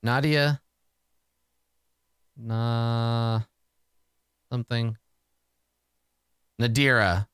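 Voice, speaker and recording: A man's voice: medium pitch, lively intonation, drawn-out words, long pauses, sharp tone, smooth, no echo, clean studio sound. A man narrating a solo tabletop game, talking to himself and swearing freely.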